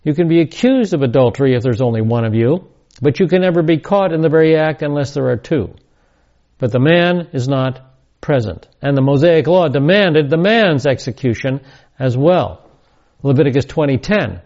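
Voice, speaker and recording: A man giving verse-by-verse Bible teaching, reading scripture aloud and slowing down to stress key words. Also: fairly high pitch, animated, darkish tone, lo-fi sound.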